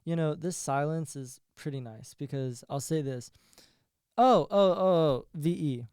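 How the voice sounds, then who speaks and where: A man's voice: fairly high pitch, measured pace, a little mellow, smooth, no room sound, studio quality. A young man hosting a solo podcast, talking in a rambling, profane way and laughing at his own jokes. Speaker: podcast host.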